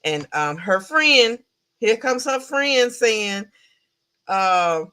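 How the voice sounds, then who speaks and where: A woman's voice: on the high side, slow pace. Chatty woman recapping a film. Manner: chatty, animated retelling with laughs and questions to chat. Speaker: podcast host reviewing a film. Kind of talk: casual livestream film recap.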